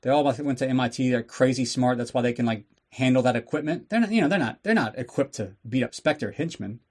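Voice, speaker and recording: Podcast guy recapping a movie, sarcastic, swears a lot, average pitch. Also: a little fast, a little mellow. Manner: sarcastic and profane, riffing on the plot. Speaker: podcast host. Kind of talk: casual comedic movie recap.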